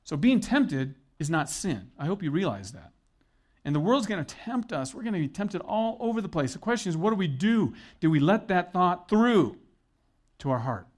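A man's voice: high-pitched, sing-song, moderate pace. A middle-aged man preaching a sermon as pastor, conversational and earnest with joking asides.

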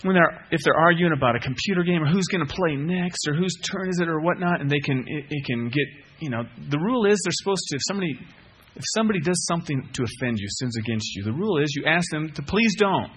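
A man preaching a sermon with animated swings from loud outbursts to hushed lines, mixing in casual asides and self-mocking humor. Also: fairly high pitch, fast talker, hardly any pauses, husky. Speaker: pastor.

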